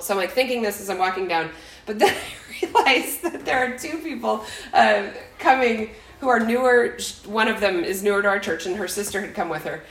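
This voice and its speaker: Brisk and fairly bright, this medium-pitched woman in her forties co-hosts a podcast, chatting casually and telling a story that keeps interrupting itself amid frequent laughs. The audio is poor and reverberant.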